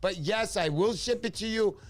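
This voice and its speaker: Excitable middle-aged man, higher voice. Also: normal speed. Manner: excitable storyteller, acts out voices in his stories. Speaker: livestream host. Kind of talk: casual livestream chat.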